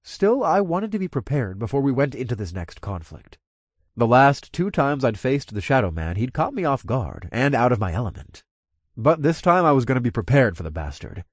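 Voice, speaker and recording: A man narrating first-person fiction as an audiobook, with expressive storytelling. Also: mid-range voice, moderate pace, no echo, studio quality.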